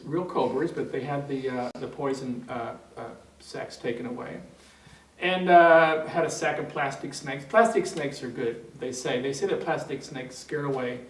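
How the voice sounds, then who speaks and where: A man working as a trainer, telling an anecdote in a seminar in a rambling way, full of fillers and restarts. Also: mid-range voice. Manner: rambling, many fillers and restarts, chuckling storyteller. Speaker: NLP trainer. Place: training room. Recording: roomy hall, distant mic, faint noise.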